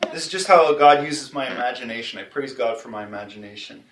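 A man hosting a casual faith discussion, talking in a rambling, animated way and laughing easily. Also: medium pitch, quick pace, slight background noise. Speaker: host. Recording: roomy sound, mic at a distance.

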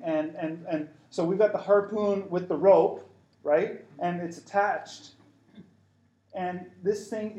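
A man's voice: high-pitched, warm tone, echoey room, poor audio. A middle-aged man preaching, urging his listeners on and often restarting his sentences as he rambles through a dream story. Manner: rambling, many restarts, exhortative. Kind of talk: sermon.

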